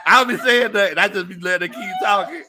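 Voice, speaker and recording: A man's voice: quick pace, noisy background. A man hosting a casual sports talk stream, reading viewer comments aloud and laughing often. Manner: animated, laughs often, jumps into high-pitched squeals. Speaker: sports talk show host.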